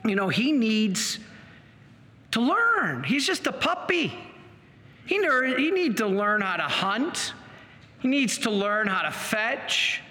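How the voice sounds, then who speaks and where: Brief: priest doing an old bishop, bright, patient, probing, echoey church hall. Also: male voice, sits high, big pitch swings, takes it slowly, long pauses, heavily acted. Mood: earnest. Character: elderly male bishop, gently questioning a boy.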